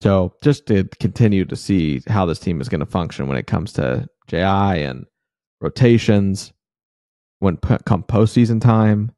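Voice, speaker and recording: A man's voice: low voice, a little slow, no echo, clean studio sound. A man co-hosting a casual sports podcast who breaks down rotations and pushes back on critics. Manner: analytical, steady, annoyed at critics. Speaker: podcast co-host.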